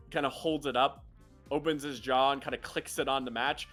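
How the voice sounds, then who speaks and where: A man's voice: medium pitch, fairly even intonation, fairly quick, fairly bright tone, faint music behind. A man narrating as game master of a tabletop roleplay, in a casual and loose way. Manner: casual, loose narration full of kinda and sorta.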